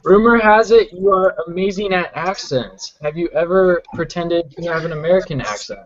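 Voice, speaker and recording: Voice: medium pitch, moderate pace, lo-fi sound. A co-host reading viewer questions on a casual online call and nudging the guests to answer. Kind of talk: casual chat.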